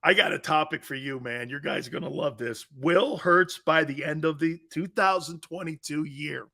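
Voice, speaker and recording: A man's voice: a little high, normal speed, vocal fry, sharp tone. A man hosting a live sports talk show, brash and trash-talking, reading out listener comments and laughing often.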